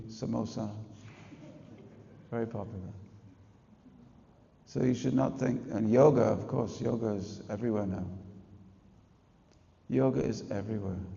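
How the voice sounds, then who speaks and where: A man in his late sixties giving a humorous, chatty spiritual talk to an audience, at times leading a slow chant. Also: fairly low pitch, steady tone, creaky, dark tone. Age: 60s. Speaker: spiritual teacher. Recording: muffled reverberant hall.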